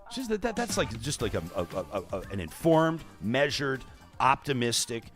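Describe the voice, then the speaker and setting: A Canadian man hosts a casual talk show, chatting with an animated, swinging delivery. His voice sits at a middle pitch, and he often restarts his sentences. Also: moderate pace, faint music behind.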